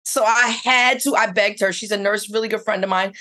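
A woman's voice: mid-range voice, steady tone, a little fast, pushed and bright. A middle-aged woman who owns a spa, telling her story in a casual interview with eager, rambling restarts. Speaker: spa owner and esthetician.

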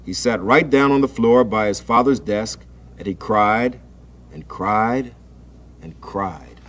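A man hosting a 1960s children's show, reading a storybook aloud in a gentle, expressive way. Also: fairly low pitch, slow pace. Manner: gentle, expressive storytelling, acting out the family's voices. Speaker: children's TV host. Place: TV studio set.

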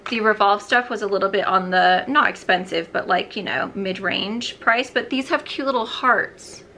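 A young beauty vlogger with a medium-pitched, sharp voice talks at a moderate pace over a slight hiss or hum. In a chatty get-ready-with-me vlog, she rambles bubbly and talks to herself as she goes.

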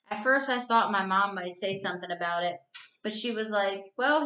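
Teacher lady reading a book out loud, steady storytelling, echoey and a bit muffled. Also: mid-range voice. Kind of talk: reading a novel aloud. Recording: roomy, slightly dull recording.

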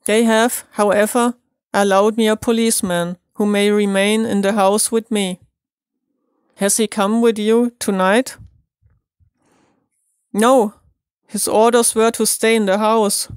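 A woman's voice: medium pitch, fairly even intonation, unhurried, pauses often, clear, resonant tone, no room sound, studio quality, close to an everyday voice. A woman with a German accent voicing a frightened young man in an audiobook, pleading earnestly. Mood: anxious. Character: frightened young man telling his troubles.

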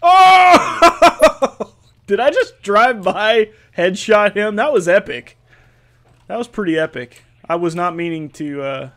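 A man giving casual, joking commentary while playing a video game, excitable and cursing freely. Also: on the high side. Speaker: gameplay video host. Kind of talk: casual let's-play commentary.

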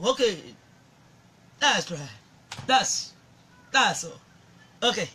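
Ghanaian woman, gospel singer, fervent half-sung radio prayer; bright, slow delivery. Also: fairly high pitch, lively intonation, husky. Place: radio studio.

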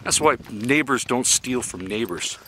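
Blunt, folksy man with a lively voice. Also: medium pitch, measured pace, noisy background. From Canada (Yukon). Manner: blunt and folksy, chuckling at his own jokes. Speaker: vlogger living in an RV. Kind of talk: casual opinionated monologue.

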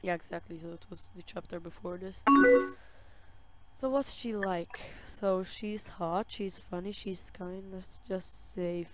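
A woman playing a game on camera, reading its chat messages aloud in a slow, drawn-out way and reacting with soft sympathy. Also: fairly low pitch. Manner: reads dialogue slowly, with soft sympathetic reactions. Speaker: gaming video creator. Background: loud game music and keyboard typing.

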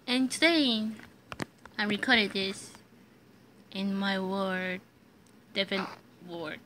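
A woman's voice: mid-range voice, big pitch swings, extremely slow, long pauses, bright, forceful tone, a little hiss or hum, rough recording. A woman with a sore throat hosting casual let's-play commentary, giggling, rambling and repeating words as she plays. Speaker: gaming channel host. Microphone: phone mic.

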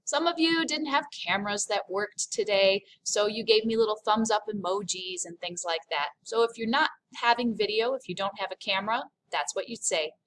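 A woman French teacher recording a remote lesson, upbeat and clear, stressing each French phrase carefully for students to repeat. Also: medium pitch, moderate pace, hardly any pauses, fairly bright tone. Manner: upbeat, over-enunciated French demonstrations.

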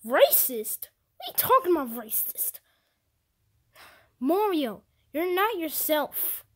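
A woman's voice: high voice, big pitch swings, slow, a bit bright, heavily acted. A woman voicing Mario's confused, indignant friend in an amateur fan movie.

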